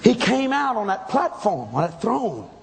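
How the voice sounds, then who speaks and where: A man preaching a testimony sermon, telling his story with excitable emphasis and sudden shouts. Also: high voice, measured pace, creaky, in a large hall, noisy background.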